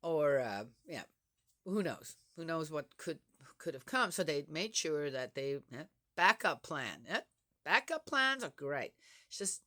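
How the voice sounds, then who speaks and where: Slow, bright-voiced older woman. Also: low voice, very animated. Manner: frank, chatty, with soft laughs. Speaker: vlogger. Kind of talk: casual talk to camera.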